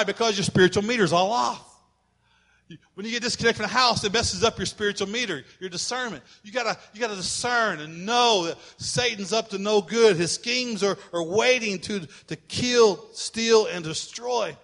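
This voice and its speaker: Guy preaching a sermon, high bright voice, punchy and repetitive. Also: normal speed. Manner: emphatic and repetitive, at times shouting. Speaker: pastor.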